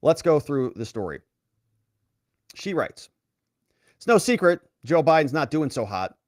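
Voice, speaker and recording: Animated, sarcastic male commentator. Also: a little slow, no echo, clean studio sound. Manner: animated and sarcastic, with wide swings in pitch. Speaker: attorney and political commentator. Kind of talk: casual commentary, reading articles aloud.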